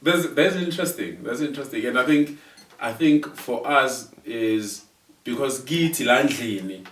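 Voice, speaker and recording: A man's voice: mid-range voice, measured pace, fairly bright tone, distant mic. A middle-aged South African man hosting a casual conversation. He is easygoing, repeats his words and chuckles often. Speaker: podcast host and father. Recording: roomy sound, mic set back.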